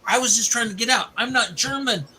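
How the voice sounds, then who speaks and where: A man's voice: very high voice, brisk, pushed and bright, slight background noise, voice pushed up, exaggerated voice, rough recording. A man voicing a desperate young man caught up in a war, pleading in a raised voice as he retells a film.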